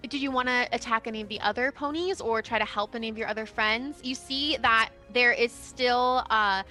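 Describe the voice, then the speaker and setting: Young woman running a tabletop game, bright, fairly high voice, chatty, faint music behind. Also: normal speed. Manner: chatty, lots of fillers, laughs often. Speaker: game master.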